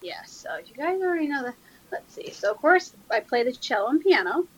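A woman being interviewed as a guest cosplayer, chatting in an animated way and laughing often. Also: high-pitched, fairly quick, breathy edge, muffled recording. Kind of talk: casual interview chat.

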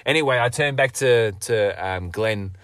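A man's voice: on the low side, measured pace, fairly bright tone. A man telling a role-play game story in casual, profane chat, often laughing and acting out quotes. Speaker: podcast co-host.

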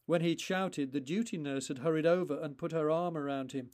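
Male author-narrator; deliberate, paused storytelling with a somewhat high voice. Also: a little mellow. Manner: slow, deliberate, with pauses between phrases. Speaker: author reading his own story.

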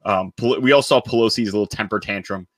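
A man's voice: fairly low pitch, fast talker, a bit bright, no echo, studio quality. A man co-hosting a political talk show, speaking emphatically and with indignation, throwing in sarcastic jabs. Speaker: co-host.

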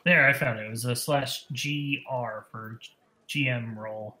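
Bright-voiced man running a tabletop game. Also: mid-range voice, steady tone, measured pace. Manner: laughs often, fills gaps with "uh" and "um". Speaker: dungeon master. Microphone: online voice call.

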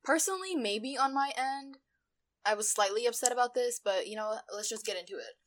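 A woman's voice: on the high side, a bit bright. A young woman co-hosting a podcast, chatting casually and ranting heatedly, swearing freely. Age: young adult. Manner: heated, swears freely, quick indignant rants. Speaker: podcast co-host. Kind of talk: casual chat.

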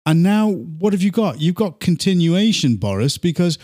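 A man hosting a political chat, his voice pitched a little high. He sounds earnest and indignant as he steers the talk. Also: sing-song, moderate pace, a little mellow. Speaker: host.

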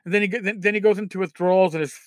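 A man's voice: high voice, fairly even intonation, rapid-fire, no echo. Profane ranting podcast host, man. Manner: ranting, profane, frequent fillers and restarts. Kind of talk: casual solo podcast commentary.

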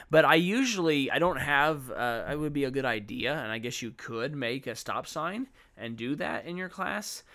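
A middle-aged man gives classroom management tips for teaching children, talking casually and walking through examples while acting out exchanges with students. His mid-range voice is bright and forceful, with a clean tone.

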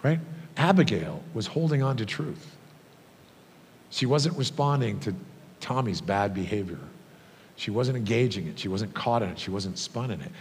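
A man with a fairly low voice preaches a sermon in a loose, story-driven way, full of ums and restarts. His voice rings with a long hall reverb. A faint rumbling noise sits underneath. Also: expressive, normal speed. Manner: storytelling, conversational with many fillers. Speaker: pastor.

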